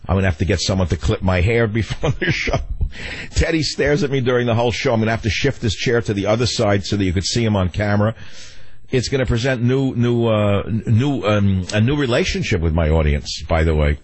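An older male radio host with a low, husky voice talks in a rambling, wry way. He drifts between asides and jokes, and the studio sound is close and dry. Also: brisk, dry recording. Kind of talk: talk radio monologue.

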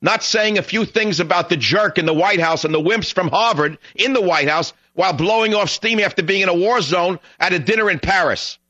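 A man's voice: on the high side, pushed and bright, no echo. A man hosting a talk radio show, delivering an angry, ranting monologue full of rhetorical questions, his voice strained. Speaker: radio talk show host taking calls. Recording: dull, dry broadcast audio.

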